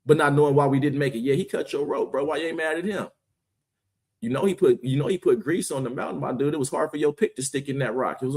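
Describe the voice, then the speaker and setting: A man's voice: fairly high pitch, fast, a little mellow. A man hosting his own stream, giving an impassioned, preachy monologue full of slang and rhetorical questions. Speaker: streamer, host.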